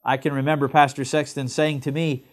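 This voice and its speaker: A man from England preaching a sermon to other pastors, with emphatic stresses and slow, drawn-out phrases. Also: mid-range voice, flat delivery.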